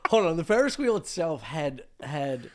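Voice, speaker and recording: A man's voice: fairly high pitch, sing-song, moderate pace, heavy background noise. A man co-hosting a podcast, telling a story in casual, profane chat and laughing often. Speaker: podcast co-host.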